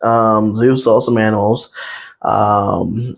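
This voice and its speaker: A relaxed young man chatting through his own podcast. His voice sits at an ordinary middle pitch, and he drifts easily from topic to topic. He fills the gaps with easygoing ums and uhs. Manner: laid-back, chatty, drawn-out pauses and fillers. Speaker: podcast host. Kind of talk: unscripted casual talk.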